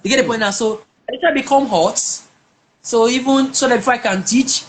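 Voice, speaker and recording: As a guest in a conversation, a woman emphatically tells her personal story, often repeating words and beginning again. She speaks a little fast in a fairly high voice, with slight background noise.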